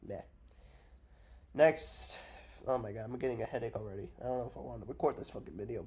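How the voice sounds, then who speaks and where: A man's voice: mid-range voice, fast talker, long pauses, darkish tone. Rambling, profane young-sounding man. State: unwell, drowsy from cough syrup. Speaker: MMA predictions vlogger. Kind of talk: casual unscripted commentary.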